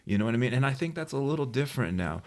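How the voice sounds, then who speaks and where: A man from New Mexico, co-hosting a podcast and telling an animated story. He often checks in with "you know what I mean?". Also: mid-range voice, rapid-fire. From New Mexico, USA. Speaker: podcast co-host. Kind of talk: casual chat, storytelling.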